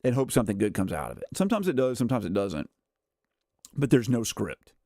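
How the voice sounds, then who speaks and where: A man's voice: on the low side, very animated, quick pace, mellow, dry recording, clean studio sound. A man in his thirties chatting casually on a game livestream, rambling with lots of "like" and "uh" and frequent chuckles. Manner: rambling, filler-heavy, says "like" and "uh" a lot; chuckles often while talking. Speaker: gaming streamer.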